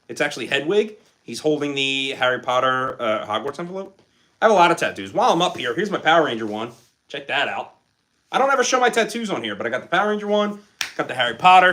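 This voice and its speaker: A man's voice: mid-range voice, sharp tone. A young man from Philadelphia chatting casually on a live stream, reading viewer questions aloud and answering them. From Philadelphia, USA.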